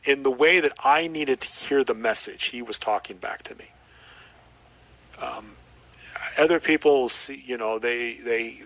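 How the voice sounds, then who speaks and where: A man's voice: mid-range voice, sharp tone, poor audio. A middle-aged man giving an earnest, reflective personal testimony as a podcast guest, often repeating short phrases.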